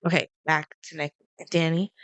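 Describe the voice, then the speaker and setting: A young woman co-hosting a podcast, casually recapping a movie and acting out the characters' lines with lively changes of voice. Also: low-pitched, normal speed, dry recording. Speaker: podcast co-host.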